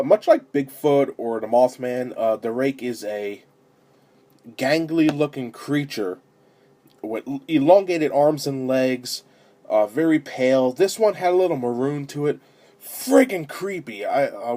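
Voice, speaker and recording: A man giving a casual spoken film review, animated as he retells the story, with fillers and restarts. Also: medium pitch. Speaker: amateur movie reviewer.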